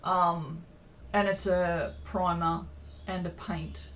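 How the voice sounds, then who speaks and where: Speaking slowly in a fairly low, steady, fairly bright voice, a weary woman updates viewers on her small business from her craft room at home. Her talk is chatty and self-deprecating, wandering with ums and tangents, and there's a little hiss or hum.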